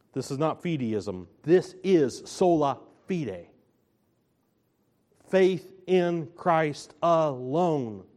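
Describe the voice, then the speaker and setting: A man preaching a sermon, slow and emphatic, stressing and repeating his key phrases. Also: mid-range voice, darkish tone.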